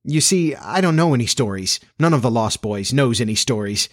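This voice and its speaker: A man's voice: mid-range voice, expressive, moderate pace, lightly acted. A man voicing a cocky, boastful boy who never grows up, in a lifted boyish voice. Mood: wistful.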